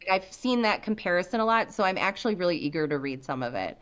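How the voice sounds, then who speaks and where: A woman's voice: lowish voice, expressive, quick pace, fairly bright tone, lo-fi sound. An American woman author talking animatedly as a guest on a podcast, laughing often. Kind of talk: podcast interview.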